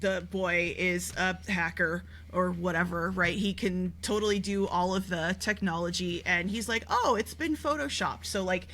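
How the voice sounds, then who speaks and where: A woman's voice: fairly low pitch, little pitch movement, normal speed, few pauses, fairly bright tone. A woman co-hosting a podcast, chatting casually about a TV show in a rambling way with lots of fillers and restarts. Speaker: podcast co-host. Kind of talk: casual TV recap chat.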